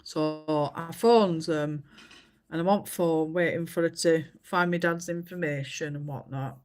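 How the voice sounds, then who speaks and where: Woman, unhurried, chatty livestream host, rambling stories. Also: low-pitched, fairly even intonation, darkish tone, soft background music. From England. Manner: rambling, chatty storytelling with many fillers. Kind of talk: casual chat while colouring.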